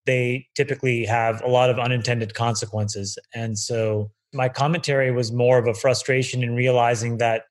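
A man answering interview questions in a measured way, thinking aloud with frequent hedges. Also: mid-range voice, level tone. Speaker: guest investor.

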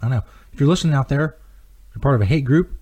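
A man's voice: medium pitch, expressive, racing, a little mellow, slightly rough. A man hosting a comedy radio show, rambling on in an emphatic, profane way. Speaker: host.

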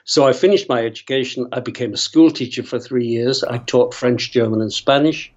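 Older Northern Irish actor guest, rambling raconteur, muffled remote audio. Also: male voice, medium pitch, fairly quick. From Northern Ireland. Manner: chatty, rambling storyteller who laughs often. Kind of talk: casual interview storytelling.

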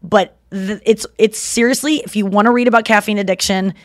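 A woman co-hosting a podcast in casual chat. She rambles in a chatty way, full of filler words, at a medium pitch. Her voice sounds close and dry, as on a studio mic. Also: steady tone, a little fast, dry recording. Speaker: podcast co-host.

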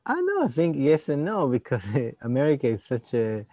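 A man's voice: mid-range voice, wildly swooping pitch, normal speed, mellow, a little hiss or hum. A young man answering interview questions, often searching for words and restarting his phrases. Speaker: interview guest, digital community organizer.

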